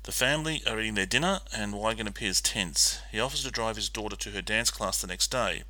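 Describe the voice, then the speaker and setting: A man with a somewhat low but very bright, sharp voice co-hosts a film podcast, walking methodically through the plot with the odd um. The sound is dry and close to the mic. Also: fairly quick, no room sound. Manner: steady, methodical recapping with filler ums. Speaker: podcast co-host. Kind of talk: casual film discussion and plot recap.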